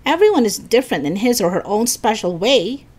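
A woman's voice: on the high side, very animated, fairly quick, a little mellow, pitched above the performer's own voice. A woman doing a chirpy, sweet little schoolgirl. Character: sweet, friendly third-grade girl.

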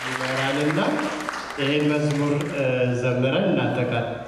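A man announcing to a church congregation in a brisk, rapid way. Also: medium pitch, steady tone, distant mic, over music, crowd noise. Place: large cathedral. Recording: echoey cathedral with congregation, from afar.

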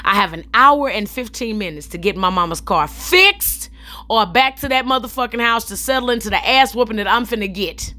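A young adult woman telling a story in a vlog, in an animated, profane and sassy way, talking straight to her viewers. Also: on the high side, brisk. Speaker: comedian telling a story while styling her hair.

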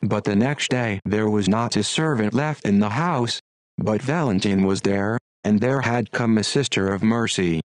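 A man's text-to-speech voice reading a classic story aloud in an even, unhurried way. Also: on the low side, no room sound, rough recording. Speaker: audiobook narrator.

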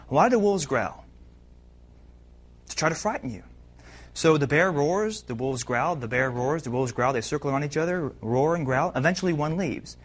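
A man speaking as a guest at a university class, answering a question in a lively lecture full of rhetorical questions that he answers himself. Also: on the high side. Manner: animated, asks rhetorical questions and answers them. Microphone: filmed broadcast recording.

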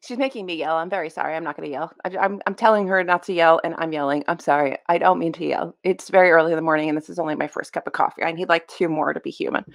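A woman's voice: sits low, fast talker, gravelly, hardly any pauses. A young woman giving casual, exasperated reaction commentary on a video clip, emphatic and blunt. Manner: exasperated, emphatic, swears and laughs.

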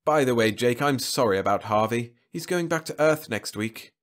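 A man voicing a smooth, contemptuous male executive rival who speaks politely with a sneer underneath. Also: medium pitch, expressive, normal speed, natural voice. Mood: smooth contempt.

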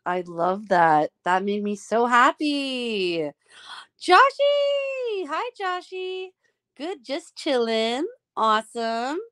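A woman hosts a casual live stream, warmly greeting each viewer by name in an affectionate, gushing way. Her voice sits a little high and her talk is slow and drawn out. She sounds easygoing and unhurried. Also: animated, clear, resonant tone.

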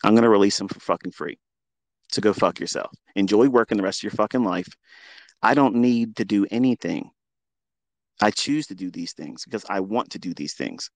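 A man's voice: fairly low pitch, fairly quick, dry recording. A man hosting a live audio room, ranting in a combative, taunting way with heavy swearing. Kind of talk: profane ranting monologue. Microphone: remote audio call.

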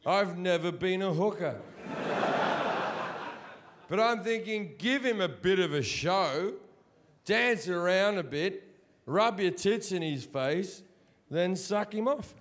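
Brash Australian man with a high voice. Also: slow. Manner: brash, crude, deadpan storytelling. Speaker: stand-up comedian. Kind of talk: live stand-up storytelling.

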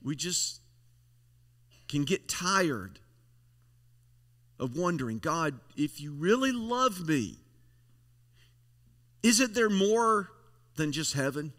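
A man's voice: a little high, expressive, slow, pauses often, a bit bright. A male pastor preaching a folksy, emphatic sermon, leaning on repeated phrases. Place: church sanctuary. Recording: long church hall reverb.

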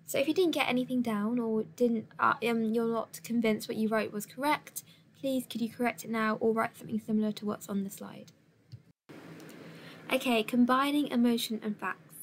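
A woman teacher giving a recorded lesson in clear, measured instructions, with an occasional filler. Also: fairly high pitch, fairly even intonation, slight background noise.

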